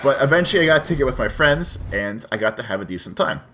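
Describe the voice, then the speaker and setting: A man's voice: medium pitch, lively intonation, fast, music in the background. A man hosting a game playthrough, telling a long story in a casual, rambling way with lots of swearing and restarts. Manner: rambling, profane, with frequent restarts. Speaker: let's play host. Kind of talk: casual storytelling over gameplay.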